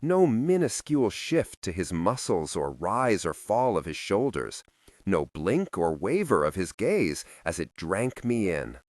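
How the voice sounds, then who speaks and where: A man narrates an audiobook in a low, unhurried voice. His pitch rises and falls dramatically as he tells the story. The sound is dry and close to the mic. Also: no echo. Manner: slow, expressive storytelling.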